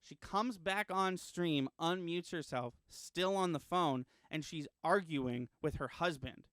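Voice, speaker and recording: A man co-hosting a casual podcast, telling a story in an animated way with frequent ums and restarts. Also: on the high side, takes it slowly, dry recording, studio quality. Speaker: podcast co-host.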